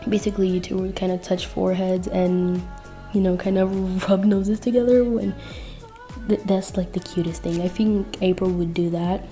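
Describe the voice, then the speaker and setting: A young woman reads a listener story in a casual, chatty way, full of fillers. Her voice is mellow and unhurried in tone. Soft music plays faintly underneath. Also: mid-range voice, fairly even intonation. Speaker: fanfic narrator and channel host. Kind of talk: reading a fanfic-style listener story.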